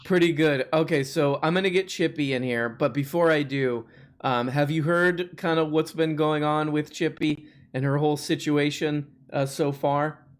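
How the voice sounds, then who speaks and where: A livestream host keeps up a casual, rambling chat. The talk is full of jokes and quick asides, in a voice of middling pitch. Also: steady tone. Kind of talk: casual live-stream chat.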